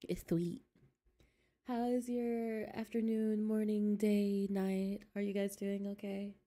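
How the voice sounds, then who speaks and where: Woman streamer, chatty and giggly, slow and mellow, close desk mic. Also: mid-range voice. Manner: chatty, giggly, talks to chat. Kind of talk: casual game stream chat.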